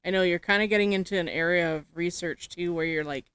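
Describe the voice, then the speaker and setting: A woman's voice: on the low side, fast talker, few pauses, fairly bright tone, smooth, no room sound. A woman co-playing in a casual let's-play chat, easygoing and agreeing along. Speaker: co-player.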